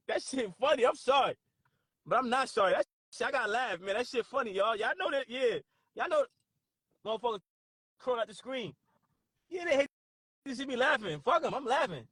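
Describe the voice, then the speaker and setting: Loud, laughing New streamer, high lively voice, dry close sound. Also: male voice, husky, no room sound. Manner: laughing often, loud and profane, reacting to chat. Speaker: livestream host. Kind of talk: casual livestream chat.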